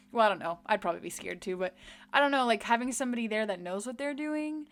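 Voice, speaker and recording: A woman co-hosting a podcast, retelling a TV episode in a chatty, animated way and laughing easily. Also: fairly high pitch, quick pace. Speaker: podcast co-host. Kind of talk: casual chat recapping a TV episode.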